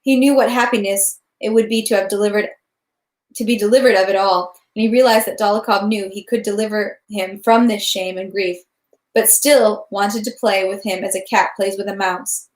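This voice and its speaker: A woman reading a novel aloud, steady with small slips and restarts. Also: mid-range voice, moderate pace, reverberant. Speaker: reader of a novel. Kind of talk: read-aloud narration.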